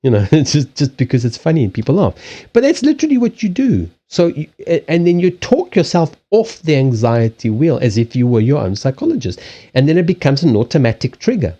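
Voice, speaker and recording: A man's voice: on the high side, very animated, a little fast, mellow. Rambling man chatting on a live stream. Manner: rambling, swearing, laughing, with frequent restarts. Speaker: livestream host and card reader. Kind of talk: casual live-stream chat.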